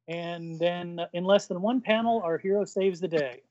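With barely any pauses, a podcast co-host walks through a comic panel by panel in a casual chat, performing the characters' lines and sound effects. His high voice has a darkish tone and a moderate pace, and the audio sounds dull.

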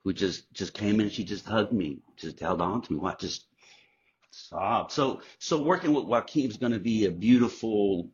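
A man guest on a podcast, telling candid, profane stories in a casual, animated way. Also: fairly low pitch, moderate pace, breathy edge. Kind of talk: casual storytelling. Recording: dull lo-fi sound.

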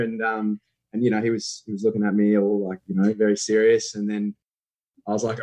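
A young adult man, telling a story in a chatty, animated way on a podcast. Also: on the low side, moderate pace. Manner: animated, chatty, many fillers. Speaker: impressionist guest.

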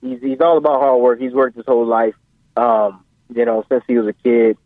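Male phone-in guest, rambling storyteller, flat dry phone sound. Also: mid-range voice, moderate pace, no echo. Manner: animated, rambling, full of fillers. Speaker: guest, professional boxer. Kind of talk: casual storytelling interview. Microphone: phone call. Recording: tinny phone line.

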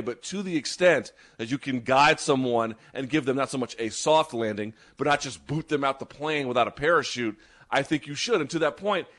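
A man co-hosting a sports talk show, giving fast, animated, opinionated takes. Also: mid-range voice. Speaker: podcast co-host. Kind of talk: casual sports chat.

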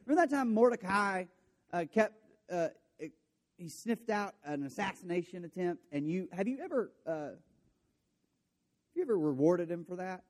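A man's voice: high voice, darkish tone. A man preaching a sermon, retelling a story with playful voices for the characters and jokey asides. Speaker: pastor.

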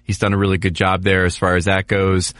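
A man's voice: low-pitched, monotone, fairly quick, a bit bright, dry recording. A man from New York hosting a podcast, chatting casually about sports with jokes and stumbling restarts. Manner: joking, repeats words when restarting. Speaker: podcast host.

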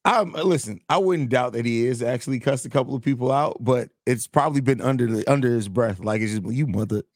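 A man's voice: medium pitch, a little fast, no room sound, clean studio sound. Easygoing man co-hosting a sports podcast. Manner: easygoing, says bro, laughs along. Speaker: podcast co-host. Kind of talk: casual sports talk.

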